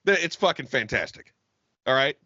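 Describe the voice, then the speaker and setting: A man's voice: mid-range voice, lively intonation, normal speed, sharp tone, no room sound, highs cut off. A man from Jacksonville co-hosting a casual podcast, ranting emphatically and swearing a lot. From Jacksonville, Florida. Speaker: podcast co-host. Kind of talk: casual profane podcast banter.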